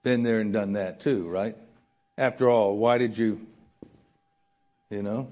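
A man preaching a sermon in a church room, animated, swinging between loud emphasis and soft asides with frequent chuckles. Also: fairly low pitch, measured pace.

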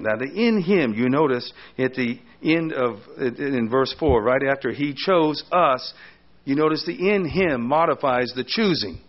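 A man's voice: mid-range voice, highs cut off. An older man pastor preaching a sermon, often asking rhetorical questions of his listeners.

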